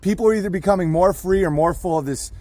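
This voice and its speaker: A man talks as a podcast guest in a loose, irreverent, rambling way. His voice sits notably high for a man. The sound is close and dry, with little room. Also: fast, darkish tone, no room sound. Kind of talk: casual podcast conversation.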